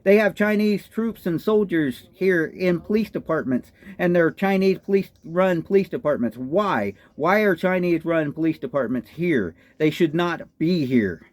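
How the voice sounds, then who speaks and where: A high-voiced man with a Texan drawl rants in indignant political commentary, hammering his points with repeated rhetorical questions. His voice is recorded close and dry, with no room sound. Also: animated, unhurried, hardly any pauses, darkish tone, no room sound. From Texas. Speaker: political vlogger. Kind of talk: ranting commentary.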